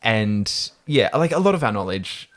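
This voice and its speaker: A man's voice: lowish voice, very animated, normal speed. An Australian man co-hosting a casual podcast chat, laughing often and poking fun at himself. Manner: laughs often, self-deprecating. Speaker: podcast co-host.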